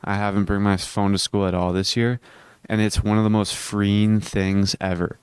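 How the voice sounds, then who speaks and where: A hiccuping teenage boy makes an earnest, rambling self-improvement vlog, restarting his sentences as he goes. His deep voice stays level, smooth and clear at a moderate pace, recorded close and dry with no room sound or echo.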